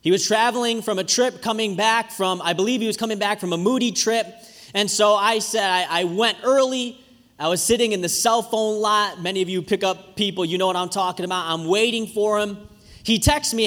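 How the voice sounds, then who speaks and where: A man, a pastor preaching a sermon with lively, conversational storytelling. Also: high-pitched, normal speed. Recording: reverberant hall.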